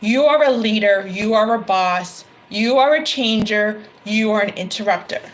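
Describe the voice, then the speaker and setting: A woman's voice: medium pitch, moderate pace, slight background noise, low-quality recording. A middle-aged woman giving a tarot reading to camera, emphatic and given to repeating her phrases and exclaiming. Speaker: tarot reader.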